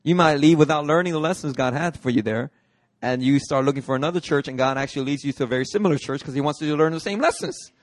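A man preaching a lively, story-driven sermon, slipping into playful character voices as he goes. His voice sits a little high for a man. The sound is dry and close. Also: fast talker, no room sound. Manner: animated, acts out movie characters with put-on voices. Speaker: pastor. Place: church hall, dry sound.

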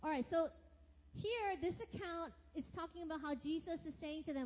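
A woman's voice: very high-pitched, normal speed, darkish tone. A middle-aged woman teaching a Bible class in a chatty, upbeat way, often saying okay, and reading scripture aloud. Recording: lo-fi audio with long reverb.

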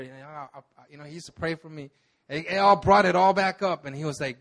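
A man's voice: fairly high pitch, quick pace, a bit bright. A man in his thirties, a pastor, telling his own story in a sermon in a casual, slangy way with many restarts. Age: 30s. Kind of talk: sermon testimony.

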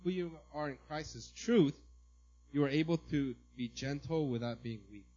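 Conversational pastor preaching a sermon, dull recording. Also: male voice, fairly high pitch, moderate pace. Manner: conversational, asks "right?" often, bursts into loud mimicry.

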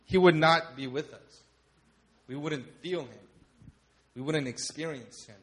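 High-voiced man preaching with fervor. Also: measured pace, husky. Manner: emphatic, repetitive build-ups, rising to loud declarations. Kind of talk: sermon.

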